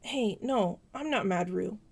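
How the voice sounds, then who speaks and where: A woman's voice: mid-range voice, expressive, measured pace, vocal fry. A woman voicing a tense adult man who speaks in short, firm phrases, in a fan fiction audiobook reading.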